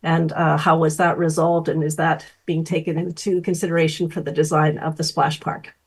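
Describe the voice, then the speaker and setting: Hesitant woman with a lowish voice. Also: level tone, normal speed, breathy edge. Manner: hesitant, many fillers. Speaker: public commenter. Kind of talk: public comment at council meeting.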